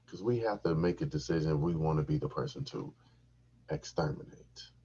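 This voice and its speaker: A man hosting a podcast, telling a crude, profane comic story in an animated, repetitive way with a husky voice on a dull, lo-fi recording. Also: a bass voice, a little fast. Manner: animated, crude, repeats himself for laughs.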